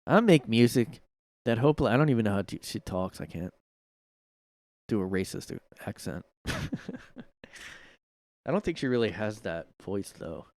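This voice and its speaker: A man's voice: fairly low pitch, animated, unhurried, long pauses, darkish tone, dry recording. A man hosting a casual solo commentary podcast from his room, talking in a sarcastic, mocking way and laughing at his own jokes. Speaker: podcast host. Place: home room.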